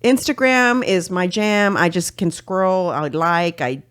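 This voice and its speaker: A woman co-hosting a casual podcast chat in a studio, chatty and quick to laugh, sometimes reading passages aloud from a book. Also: on the low side, smooth. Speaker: podcast co-host. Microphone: studio mic.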